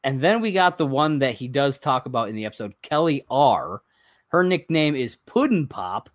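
A man's voice: medium pitch, big pitch swings, normal speed, dry recording, studio quality. A man co-hosting a podcast, chatting casually as he reads items from a list, rambling and chuckling along the way. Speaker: podcast co-host. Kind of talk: casual chat.

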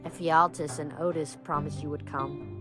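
A woman reading aloud, voicing a bitter, vengeful ancient female water nymph in a slow, menacing way. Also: low voice, steady tone, over music.

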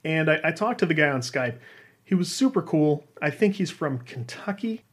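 A man's voice: a little high, animated, moderate pace, a bit bright. A man casually telling a personal story about freelance games writing, rambling and self-deprecating, with frequent restarts and fillers.

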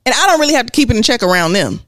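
A woman in her thirties co-hosts a relaxed podcast, telling funny stories about her kids and acting out their lines with a lot of laughter. Her pitch swoops up and down as she talks. The sound is dry and close to the mic. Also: rapid-fire, no echo. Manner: animated storytelling, acts out her kids' lines, laughs often. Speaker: podcast co-host. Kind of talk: casual chat.

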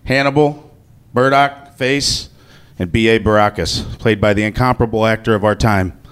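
A man with a fairly low voice tells a funny story from his own life. He talks loosely and jokingly, and he swears without any hesitation. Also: fairly even intonation, moderate pace, fairly bright tone, clear, resonant tone. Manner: casual, joking, swears freely. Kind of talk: live comic personal storytelling.

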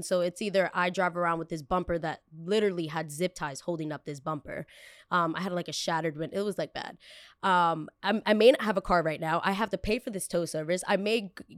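A woman hosting a podcast, telling a personal story in a casual, animated way and acting out what people said. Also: lowish voice, no room sound, studio quality. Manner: animated, acts out quotes, many fillers. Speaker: podcast host.

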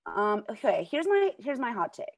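A young woman co-hosting a podcast in casual chat, halting with restarts and trailing off as she makes her point. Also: fairly high pitch, sing-song, vocal fry, slight background noise. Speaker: podcast co-host.

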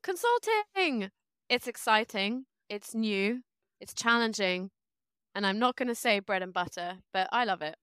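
A British woman chatting as a podcast guest, animated and self-deprecating. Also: medium pitch, moderate pace, clear, resonant tone, dry recording, clean studio sound. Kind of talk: casual chat.

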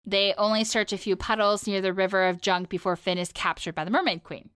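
A woman's voice: mid-range voice, steady tone, brisk, a bit bright, clear, resonant tone, dry recording, clean studio sound. A woman co-hosting a podcast in casual chat, teasing and laughing easily as she quizzes her co-host. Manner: giggly, teasing quizmaster.

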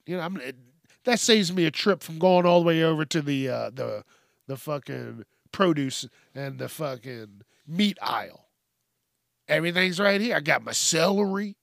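A man's voice: a little high, measured pace, creaky, fairly bright tone, no echo, studio quality. A man hosting a comedic news podcast, ranting with heavy swearing, exasperation and bursts of laughter. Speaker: podcast host.

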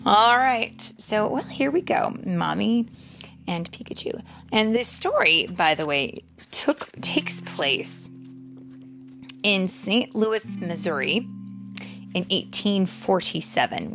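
A young mother reading a picture book aloud to her child, expressive and slow, sometimes dropping into a whisper. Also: medium pitch, vocal fry. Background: soft guitar music.

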